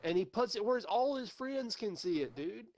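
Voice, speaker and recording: A man's voice: high voice, animated, moderate pace, darkish tone. A young man streaming, telling a long story in casual chat, rambling and swearing with lots of fillers. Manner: rambling, profane, many fillers.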